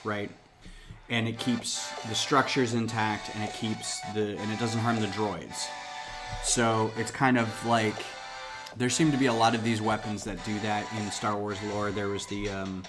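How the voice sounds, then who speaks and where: A man with a low voice hosts a casual livestream from home, rambling and thinking aloud as he builds. He sits a little back from his desk mic, and music plays clearly underneath. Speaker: host of a LEGO design livestream. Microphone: desk mic, a bit farther off than usual.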